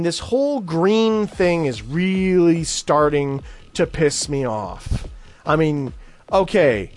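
A man hosting a podcast, ranting in a casual, profane and sarcastic way. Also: fairly high pitch. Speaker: podcast host.

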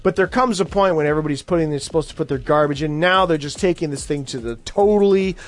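A man's voice: fairly high pitch, fast talker, soft background music. A man hosting a podcast, ranting in a casual, profane and sarcastic way. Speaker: podcast host.

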